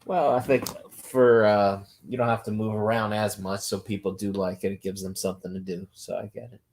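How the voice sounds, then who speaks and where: A man co-hosting a casual sports podcast, talking in a calm, easygoing way. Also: fairly low pitch, brisk. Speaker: podcast co-host.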